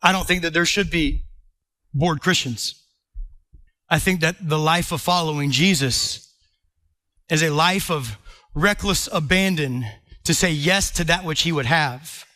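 A male pastor preaching a sermon in an animated, playful way, talking directly to his listeners. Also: a little high, unhurried, pauses often.

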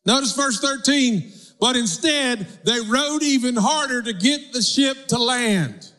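A man's voice: very high voice, animated, measured pace, bright, forceful tone. A male pastor preaching a sermon, calling on the congregation to respond. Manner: preaching with audience call-and-response.

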